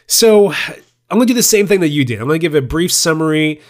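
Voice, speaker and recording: A man's voice: a little high, lively intonation, fast talker. A man co-hosting a podcast, chatting casually and laughing often as he talks about movies. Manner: laughs often, loose and joking. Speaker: podcast co-host.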